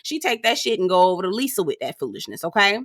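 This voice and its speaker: A woman's voice: medium pitch, very animated, fast talker, a bit bright, no echo, studio quality. A woman giving a blunt, sassy, profanity-laced recap of a reality TV episode. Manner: sassy, blunt, swears freely, acts out quotes. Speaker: reality TV reviewer. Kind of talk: casual recap commentary.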